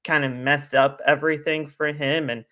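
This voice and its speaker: His pitch is on the high side and his pace normal. As a guest on a laid-back live stream, the man talks long and animatedly, wandering from point to point and repeating his favorite phrases.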